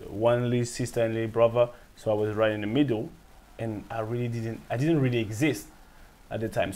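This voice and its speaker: A man from France, speaking English with a French accent, telling his story as an interview guest and acting out the people in it. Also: medium pitch. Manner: animated, acts out quoted voices, laughs often. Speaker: guest, former footballer.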